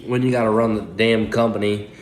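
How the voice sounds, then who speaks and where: A man's voice: fairly low pitch, fairly even intonation, fairly quick, echoey room, a little hiss or hum. A man in his late twenties giving a casual, profane recap of a fantasy football week, talking into a phone propped up indoors. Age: late 20s. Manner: profane, loose, trash-talking. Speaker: fantasy football league commentator.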